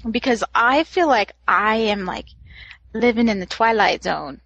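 A woman co-hosting a podcast, telling an excited story in casual chat and laughing often. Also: fairly high pitch, unhurried, dry recording, dull audio. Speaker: podcast co-host.

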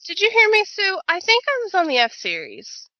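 A woman's voice: very high-pitched, huge pitch swings, a little fast, no room sound, highs cut off. A woman telling a rambling story in casual chat, full of fillers and quoted asides.

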